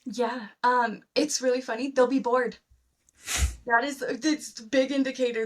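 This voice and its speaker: Podcast guest, woman therapist, high voice, bubbly and chatty, fills her speech with "like". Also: a little slow, recorded from a distance. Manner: enthusiastic, animated, heavy use of "like". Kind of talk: conversational podcast interview.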